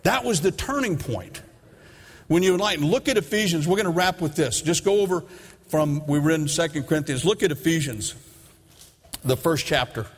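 A man's voice: a little high, animated, moderate pace, husky. A middle-aged man preaching a sermon, telling a story and acting out his own side of the dialogue with emphasis. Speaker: pastor. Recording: long reverb of a large hall.

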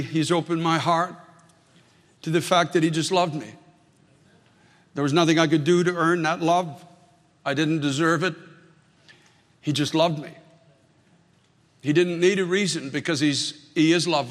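A man's voice: on the high side, in a large hall. An older man preaching a sermon as a pastor, earnest and emphatic, leaning on repeated phrases.

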